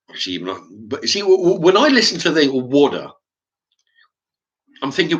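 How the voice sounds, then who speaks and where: A middle-aged man with an English accent, talking in a halting, rambling monologue to his channel's viewers, often stumbling and repeating his words. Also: medium pitch, sing-song, fairly bright tone, lo-fi sound. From England. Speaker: YouTube channel host.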